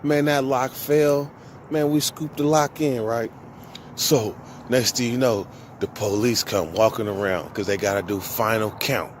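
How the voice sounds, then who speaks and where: A man casually telling a long story from his own past, with profane, slangy speech and animated quoted dialogue. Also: mid-range voice, unhurried, slight background noise. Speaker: vlogger.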